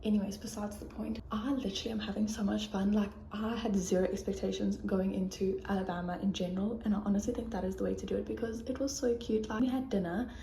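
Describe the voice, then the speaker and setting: A woman's voice: mid-range voice, steady tone, fast talker, few pauses, warm tone, slight background noise. A young woman in her twenties with a South African accent, chatting casually and cheerfully to her phone camera in a vlog, full of fillers and laughs. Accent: South African English. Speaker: vlogger. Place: in a car, then at home.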